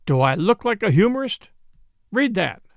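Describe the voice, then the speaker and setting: A man's voice: high voice, very animated, normal speed, vocal fry, dry recording, studio quality, exaggerated voice. A man voicing a grim young male telegraph operator who speaks tersely and bluntly.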